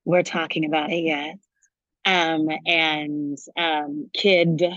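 Animated woman telling a story. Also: deep voice, slow, no echo, highs cut off. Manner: animated storyteller, acts out quoted voices. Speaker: guest. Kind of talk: casual chat.

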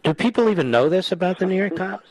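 A man hosting a talk radio show, taking calls and delivering forceful, combative opinions. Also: high voice, expressive, fast.

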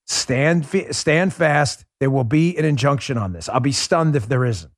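A man's voice: medium pitch, normal speed, no room sound, studio quality. Combative, sarcastic male podcast host. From New York City. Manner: combative, sarcastic, rising to shouts. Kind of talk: heated political monologue.

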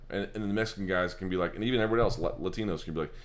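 Deep-voiced man riffing on fight results. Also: racing, hardly any pauses. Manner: loose, profane, rambling and emphatic, many fillers. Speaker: MMA show host. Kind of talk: casual post-fight commentary. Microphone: handheld camera.

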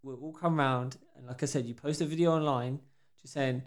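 Speaking fairly quickly at a medium pitch, a young podcast co-host chats casually. He's an animated storyteller who acts out the people in his stories and their quotes.

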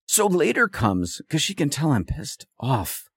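A man's voice: a little high, wildly swooping pitch, measured pace, a bit bright, slightly rough, no room sound, clean studio sound. A man hosting a podcast, telling a story in a rambling, exasperated casual monologue. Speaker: podcast host.

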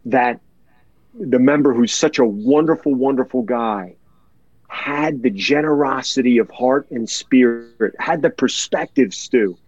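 A man's voice: mid-range voice, a little slow, darkish tone, slightly rough, muffled recording. A man telling a heartfelt personal story in a podcast chat, earnest and emotional, repeating words for emphasis.

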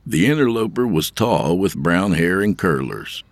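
Male narrator, very deep, animated delivery, dry studio sound, wry storytelling. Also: measured pace, no room sound.

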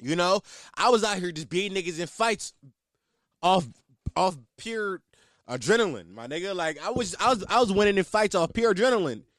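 A man's voice: high voice, very animated, moderate pace, a bit bright, no room sound. Man, podcast host, profane comedic rant, boastful, very dry close sound.

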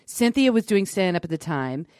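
A woman's voice: lowish voice, normal speed, no echo, studio quality. A middle-aged woman comedian, a podcast guest, telling stories in casual chat with candid, slightly profane energy. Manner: animated storyteller, candid and a bit profane.

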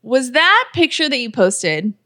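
A woman's voice: high voice, big pitch swings, measured pace, bright, forceful tone. Teasing female podcast co-host. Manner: teasing, playful. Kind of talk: casual chat.

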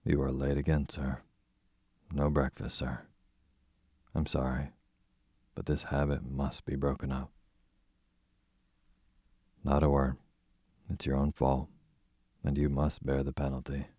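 A man voicing a playful boy who mimics his stern father, reading in a husky voice with a clipped, mock-stern manner. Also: a bass voice, completely flat delivery, unhurried, long pauses, mellow, dry recording, studio quality.

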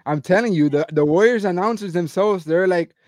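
High-voiced, playful man, dry sound. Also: fairly quick, a little mellow, no echo. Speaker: podcast guest. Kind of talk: casual postgame chat.

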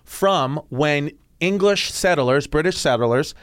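A man hosting a comedy podcast, telling stories in an animated, casual way and swearing freely. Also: fairly high pitch, slow pace, clean tone, dry recording, clean studio sound.

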